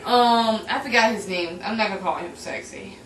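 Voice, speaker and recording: A woman's voice: medium pitch, normal speed, fairly bright tone. A young woman giving a casual, rambling movie review, giggly and full of fillers and restarts. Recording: echoey room, voice from a distance, faint background noise.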